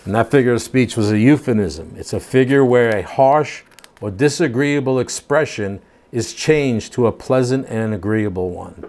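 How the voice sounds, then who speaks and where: A man's voice: medium pitch, moderate pace, a little mellow. An older man teaching a home Bible study, reading scripture aloud and then explaining it in plain, casual asides.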